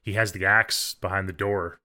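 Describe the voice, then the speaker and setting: A man co-hosting a podcast in casual chat, measured and thoughtful with a dry sense of humor. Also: deep voice, steady tone, bright, forceful tone. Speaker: podcast co-host.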